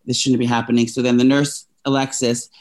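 A young man co-hosting a casual talk show, telling a personal story at length. He rambles and restarts often, and he sounds openly emotional. His voice sits at an ordinary middle pitch. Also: level tone, brisk, a little mellow. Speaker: podcast co-host telling a story. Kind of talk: casual chat.

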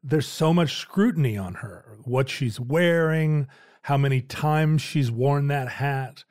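A man's voice: medium pitch, takes it slowly, darkish tone, no echo, studio quality. A man co-hosting a podcast, chatting casually and teasing his partner with anecdotes. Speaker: podcast co-host. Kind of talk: casual chat.

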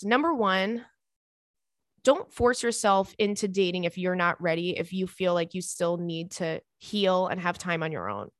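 A woman's voice: lowish voice, dry recording, studio quality. A young woman podcast host in casual chat, reading out a listener's email and giving sympathetic, rambling advice. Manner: chatty and sympathetic, with frequent restarts and fillers.

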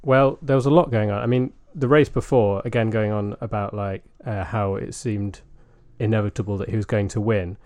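Rich: A man co-hosts a podcast and speaks in a chatty way, recalling details with plenty of fillers. His voice sits fairly low. The sound is dry and close to the mic. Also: fairly even intonation, normal speed, hardly any pauses, darkish tone, no echo. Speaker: podcast co-host. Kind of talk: casual podcast chat.

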